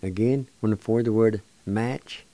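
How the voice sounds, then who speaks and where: Slow, patient older man teaching pronunciation. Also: lowish voice, warm tone, no echo. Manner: patient, encouraging, spells out syllables slowly. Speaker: language teacher and show host. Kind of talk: slow spelling and pronunciation lesson.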